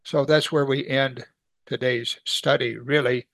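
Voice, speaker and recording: A man's voice: mid-range voice, fairly even intonation, a little slow, a bit bright, dry recording. A man teaching a weekly Bible study in a conversational way, asking his class rhetorical questions.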